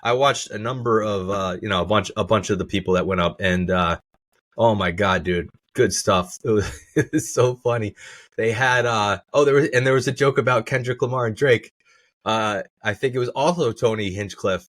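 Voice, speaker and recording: A man's voice: on the low side, normal speed, no room sound. Brief: man, podcast host, loose and chatty, laughs a lot, dry close mic. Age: adult parent. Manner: laughs often, animated retelling of jokes. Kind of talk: casual chat. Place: home room. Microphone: camera and mic at home.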